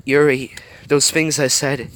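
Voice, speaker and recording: A man voicing a gentle young woman in tears, with a trembling, apologetic way of talking, read from a fan story. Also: medium pitch, flat delivery, measured pace, voice pushed up, close to an everyday voice. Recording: clear background noise.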